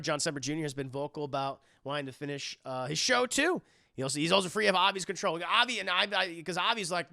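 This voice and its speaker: A man's voice: on the high side, gravelly, no room sound, clean studio sound. A man hosting a livestream, chatting casually with his viewers and swearing freely as he goes. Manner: animated, swears freely, quick asides to chat. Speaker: livestream host.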